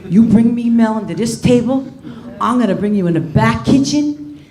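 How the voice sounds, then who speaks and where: A woman doing an impression of a gruff, older tough-guy mobster who mumbles threats with a drawn-out "uh". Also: fairly high pitch, animated, mellow, reverberant, a little hiss or hum, natural voice. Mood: menacing. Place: comedy club stage.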